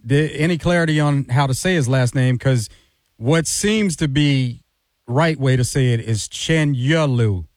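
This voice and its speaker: A man hosting a sports radio show, asking questions and doing brisk, upbeat sign-offs. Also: mid-range voice, darkish tone, no echo.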